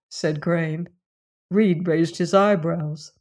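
An audiobook narrator reading an old novel with steady, unhurried poise. The voice sits at an ordinary middle pitch and keeps a calm, even tone through the prose. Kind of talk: scripted narration of a classic novel.

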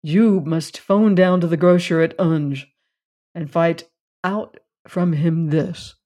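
A reader doing a brooding, hushed gentleman sleuth. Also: steady tone, close to an everyday voice. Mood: hushed, grave. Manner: low, hushed and slow, with long pauses. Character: brooding, educated gentleman detective, quietly intense.

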